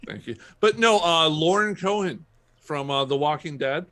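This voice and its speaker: A man's voice: a little high, moderate pace, fairly bright tone, dry recording. A man co-hosting a podcast, chatting casually with a dry, sardonic manner. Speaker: podcast co-host. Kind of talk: casual chat.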